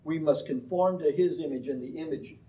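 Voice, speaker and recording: A man's voice: on the high side, fairly quick. A man preaching a sermon, telling stories and slipping into acted voices. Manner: storytelling, animated with acted voices. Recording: voice from far off the mic.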